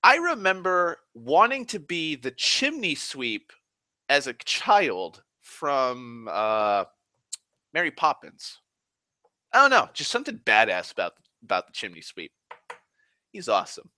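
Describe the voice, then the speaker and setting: A man's voice: on the high side, big pitch swings, unhurried, bright, forceful tone, no room sound. A man from Massachusetts rambling casually on a stream, profane and self-mocking, a little tipsy on whiskey. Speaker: livestream host.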